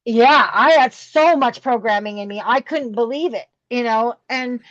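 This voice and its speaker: A woman's voice: a little high, normal speed, fairly bright tone, no echo, dull audio. A middle-aged woman telling a candid, emotional story as a podcast guest, with many fillers and restarts. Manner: rambling, emotional, full of fillers.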